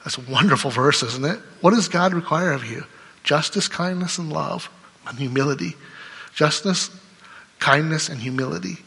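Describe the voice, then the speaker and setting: A man's voice: on the high side, moderate pace, gravelly, pushed and bright, husky. A man preaching a sermon as pastor, speaking conversationally and often checking in with "right?". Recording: long hall reverb.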